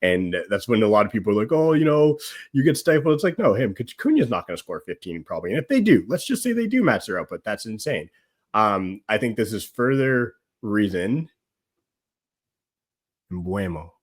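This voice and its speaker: A man speaking as a guest on a casual football chat, animated and rambling, often saying "like" and laughing. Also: fairly low pitch, fairly quick, breathy edge. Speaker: guest pundit.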